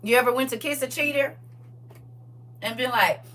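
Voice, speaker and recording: A woman hosting a livestream, talking in a casual, preachy, comic way, animated, laughing and teasing. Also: high-pitched, normal speed, recorded from a distance. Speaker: livestream host.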